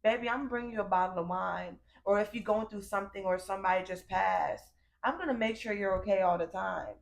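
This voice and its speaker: A woman's voice: mid-range voice, a little fast, creaky, echoey room, a little hiss or hum. A young woman co-hosting a podcast in casual chat, candid and emphatic, repeating her phrases and calling her friend "girl" and "baby". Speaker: podcast co-host.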